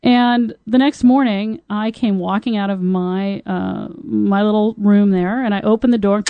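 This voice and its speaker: A woman's voice: medium pitch, measured pace, clear, resonant tone, no echo, phone-quality sound. A woman podcast host and Tantra teacher with a singer's trained voice, telling stories candidly and talking openly about intimacy. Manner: lively, frank, openly talks about intimacy. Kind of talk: candid storytelling chat.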